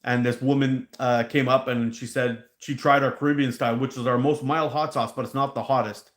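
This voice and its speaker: A man hosting a casual live stream about hot sauce, a rambling, animated storyteller who laughs at his own stories. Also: mid-range voice, brisk, echoey room. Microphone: handheld mic pulled out.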